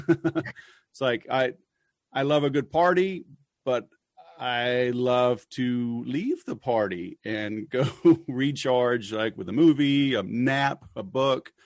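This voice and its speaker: A man's voice: medium pitch, takes it slowly, no room sound, studio quality. A man hosting a sales podcast in a loose, rambling, joking manner with many fillers. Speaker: podcast host. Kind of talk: casual podcast chat.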